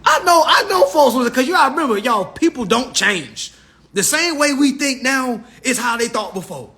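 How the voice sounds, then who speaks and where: A man hosts a livestream and rants comically to his viewers, calling them y'all and swearing freely. His voice sits high for a man and jumps around a lot in pitch, which gives every line an animated bounce. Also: moderate pace. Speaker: livestream host. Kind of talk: casual comedic rant.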